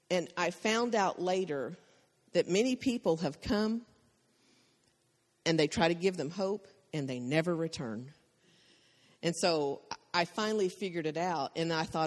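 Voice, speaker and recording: A woman's voice: fairly low pitch, animated, measured pace. A woman giving a church testimony, telling her story with emotion and frequent laughter. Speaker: missionary speaker. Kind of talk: testimony sermon. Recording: long hall reverb.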